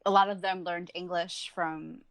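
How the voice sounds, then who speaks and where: A woman's voice: lowish voice, level tone, normal speed, no echo. Laughing Long Island woman, dry sound. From Long Island, New York. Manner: laughs often, many fillers and restarts. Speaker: musician guest. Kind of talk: casual interview chat.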